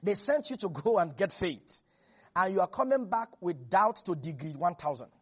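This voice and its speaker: A woman's voice: on the low side, lively intonation, normal speed, slightly rough, lo-fi sound. A woman preaching a sermon, emphatic and playful, repeating lines for effect. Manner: emphatic, repeats phrases, jokes and laughs between points.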